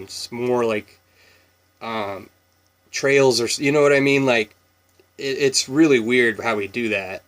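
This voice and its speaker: A young man from Washington State with a Pacific Northwest American accent, chatting casually in a relaxed, meandering way for an accent tag video. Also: mid-range voice, normal speed. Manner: relaxed, meandering, with laughs and many fillers. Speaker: vlogger.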